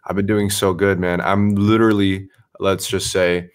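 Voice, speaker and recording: A man who streams, telling a story in casual chat, animated and swearing freely. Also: low voice, moderate pace.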